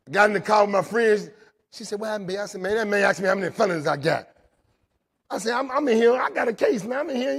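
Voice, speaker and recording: A man with a husky, fairly high voice tells a story to a live room. He talks in lively bursts, drops low, then rises loud again, and keeps asking his listeners "right?". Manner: animated storytelling, swinging loud and soft, asks the crowd "right?". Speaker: recovery speaker. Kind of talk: storytelling talk to a live audience. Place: jail, indoors.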